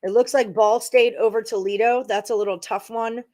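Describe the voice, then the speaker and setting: A sports betting show host talks casually to her live-stream viewers, reasoning aloud through her picks. Her fairly high voice is steady and a little mellow, at a normal speed.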